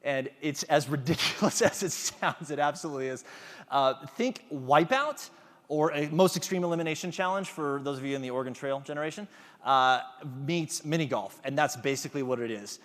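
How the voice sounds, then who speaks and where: A man's voice: a little high, brisk, fairly bright tone, long reverb tail. A man giving a motivational talk to an audience, engaging them with questions. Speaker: conference speaker.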